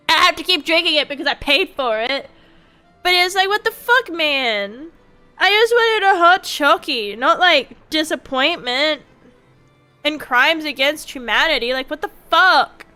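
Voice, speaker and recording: A young woman with a high, bright, sharp voice rants to her live-stream chat, swearing freely and piling on exasperated complaints. Faint music plays behind her. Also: a little slow. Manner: animated, profane ranting with frequent swearing. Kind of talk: casual live-stream ranting.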